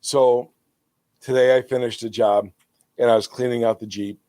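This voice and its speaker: A man co-hosting a podcast in casual chat, retelling a funny skit with animated energy and laughter into his podcast microphone. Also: medium pitch, moderate pace, no echo, studio quality. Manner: animated storyteller who laughs while retelling. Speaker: podcast co-host.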